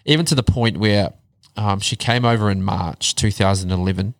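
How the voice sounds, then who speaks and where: Low-voiced swearing man. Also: normal speed, gravelly, dry recording. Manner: blunt, heavy swearing, animated retelling. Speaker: podcast guest. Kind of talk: casual storytelling chat.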